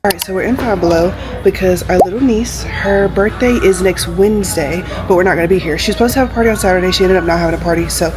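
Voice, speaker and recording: A woman's voice: fairly low pitch, fast, few pauses, music in the background. A woman, chatting casually in a vlog. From Alabama. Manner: chatty, animated storytelling with acted-out quotes. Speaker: vlogger.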